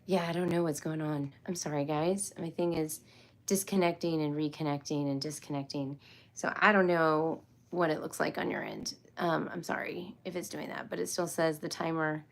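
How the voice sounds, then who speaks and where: A woman's voice: low voice, moderate pace, creaky. A middle-aged woman hosting a casual livestream for homeschool viewers, tired and a bit loopy, rambling, giggling and apologizing as she talks. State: tired and loopy after a long workday.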